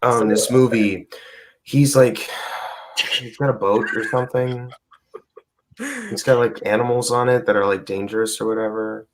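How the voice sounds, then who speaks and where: A man's voice: medium pitch, steady tone, moderate pace, long pauses, background noise. A young man in a casual movie preview chat, ranting in exasperation with stumbling restarts and heavy swearing. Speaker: podcast co-host.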